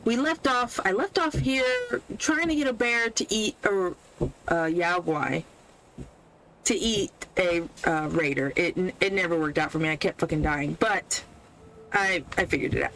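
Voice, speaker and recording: A woman's voice: lowish voice, a little slow, a bit bright, a little hiss or hum, low-quality recording. A woman podcast host casually recapping a movie while playing a video game, sarcastic and full of swearing, laughing often.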